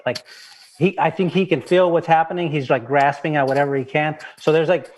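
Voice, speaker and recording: A man's voice: on the high side, a little fast, low-quality recording. Give me a frank, joking, swearing man. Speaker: writer guest. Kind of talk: casual panel discussion.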